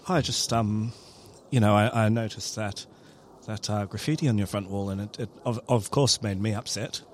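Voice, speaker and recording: A man's voice: fairly low pitch, fairly even intonation, moderate pace, slight background noise. A man playing his character in a tabletop game, hesitant and polite. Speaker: player.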